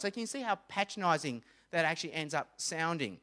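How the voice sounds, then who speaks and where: A young man giving an evangelistic talk, telling stories and acting out voices in an animated way. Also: on the high side, quick pace. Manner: animated storytelling with acted-out voices. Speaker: speaker.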